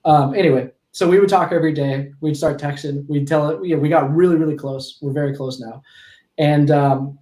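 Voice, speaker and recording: A man's voice: fairly high pitch, steady tone, brisk, dark tone, roomy sound. A man in his twenties, a podcast guest, telling stories casually, with frequent restarts and self-corrections. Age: 20s. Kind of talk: casual storytelling in a conversation.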